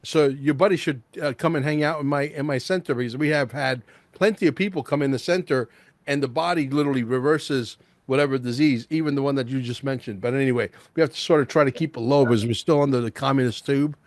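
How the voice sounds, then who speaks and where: A male host in casual interview chat, excitable and rambling, peppering his talk with "bro" and "like". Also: medium pitch, quick pace, no room sound.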